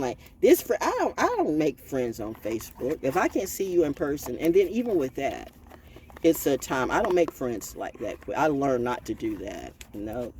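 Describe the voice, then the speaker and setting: A woman's voice: very deep voice, darkish tone, slight background noise. A woman hosting her own channel as an oracle reader, ranting in a blunt, profane and preachy freestyle way. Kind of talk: freestyle livestream rant.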